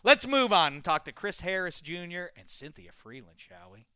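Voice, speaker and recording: A man's voice: on the high side, moderate pace, a loud crowd. A man hosting a sports radio show, chatting casually and jokingly with many restarts. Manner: animated, jokey, many restarts.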